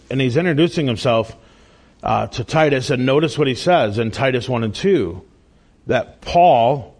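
A pastor in a church delivers a sermon in a medium-pitched voice. He is earnest and emphatic, adding asides and bits of self-deprecating humor.

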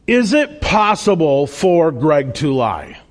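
A man's voice: fairly high pitch, big pitch swings, slow. A man delivering a sermon as a pastor in a church, earnest and emphatic, with asides and bits of self-deprecating humor.

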